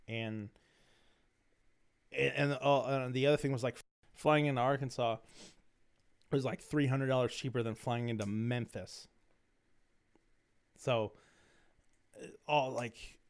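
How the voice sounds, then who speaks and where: A man's voice: medium pitch, steady tone, measured pace, pauses often, smooth. A young man hosting a podcast, telling a rambling story in slangy, swearing casual talk, his throat dry and coughing. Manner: rambling, slangy, swears freely, many restarts. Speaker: podcast host.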